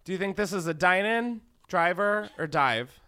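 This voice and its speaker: A young man hosting a comedy podcast, chatting casually in an excitable, gushing way and swearing freely into a studio mic. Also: high-pitched, normal speed, clean tone. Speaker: podcast host.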